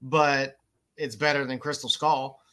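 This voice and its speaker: A man co-hosting a casual chat, measured and repeating words as he weighs his views. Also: mid-range voice, flat delivery, sharp tone, smooth. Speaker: co-host.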